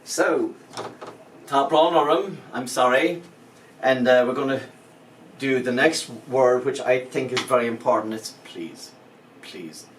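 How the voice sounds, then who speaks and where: A man's voice: mid-range voice, steady tone, unhurried, long pauses. A male language teacher explaining pronunciation step by step, patient and lightly joking. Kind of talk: spoken language lesson. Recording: roomy echo, mic at a distance, faint background noise.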